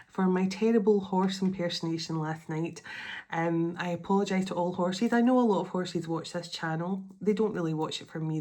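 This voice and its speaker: A woman who hosts a psychic channel, chatting casually, gushing with thanks and rambling with fillers and restarts. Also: lowish voice. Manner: warm-hearted, rambling, effusive with gratitude, many fillers and restarts. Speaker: psychic medium and channel host. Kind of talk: casual spiritual video chat.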